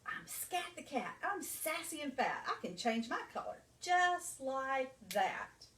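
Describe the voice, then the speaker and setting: A woman's voice: sits high, sing-song, takes it slowly, fairly bright tone, heavily acted. A woman voicing a sassy, boastful male cat in a storybook, chanting in a sing-song way. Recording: echoey room, mic far off.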